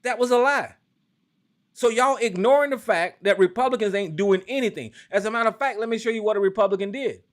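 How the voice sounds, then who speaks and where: A man hosting a call-in talk show from the United States, ranting hotly with lots of cursing, then dropping into a slower, lower drawl. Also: fairly bright tone. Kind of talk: profane political rant and call-in talk.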